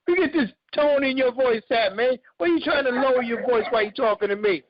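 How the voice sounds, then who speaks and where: A man hosts a casual interview with a high-pitched voice and a teasing, joking manner. His speech is loose and full of slang. The audio is dry and a little dull, like a lo-fi call. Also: a little fast, hardly any pauses, no echo. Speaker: interview host.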